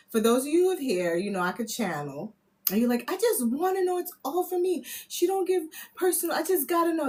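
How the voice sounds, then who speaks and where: A woman reading spiritual messages on a live stream, loud and playful, laughing often as she teases her viewers. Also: high voice. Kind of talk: casual live-stream chat.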